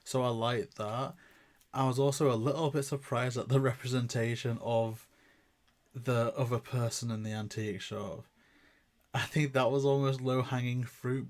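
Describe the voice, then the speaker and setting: A man from the UK trades opinions in a relaxed review podcast. He is animated and jokey, tripping over his words as he gets going, with a voice of ordinary middle pitch. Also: moderate pace. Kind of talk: casual review chat.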